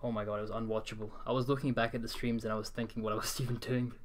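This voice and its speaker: A man's voice: mid-range voice, flat delivery, racing. A young man from Scotland with a mild Scottish accent that leans English, live-streaming a game from a hot room at home into a desk condenser mic. He sounds tired and rambles, answering chat with frequent restarts. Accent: mild Scottish, mostly English-leaning. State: tired from the heat. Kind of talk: casual live-stream chat while gaming. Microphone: desk USB condenser mic.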